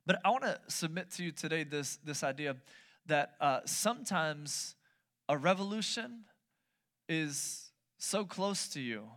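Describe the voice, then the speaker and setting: A man preaching a sermon, playful and lively, asking the audience questions and joking between points. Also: fairly high pitch, unhurried. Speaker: pastor.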